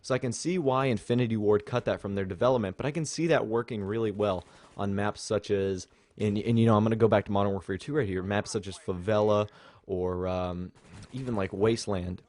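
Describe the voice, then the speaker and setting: A young man talks over his gameplay footage in a loose, rambling way, full of fillers and asides. His voice sits a little low. He sounds like a regular channel host chatting with his viewers. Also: steady tone, fairly quick, a little mellow. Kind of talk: gameplay commentary.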